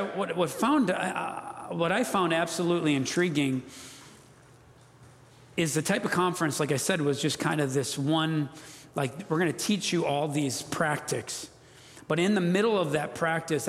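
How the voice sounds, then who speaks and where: A man's voice: fairly high pitch, fairly bright tone. A man preaching an earnest, emphatic sermon as a pastor, calling on the congregation to repeat after him. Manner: earnest, emphatic, leads congregation call-and-response. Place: church sanctuary. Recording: long reverb of a church hall.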